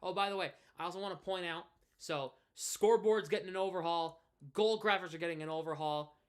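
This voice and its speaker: A man's voice: high voice, brisk, smooth. A man of twenty from New England, chatting casually on a live stream and rambling through many restarts and fillers. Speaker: live streamer and hockey podcaster.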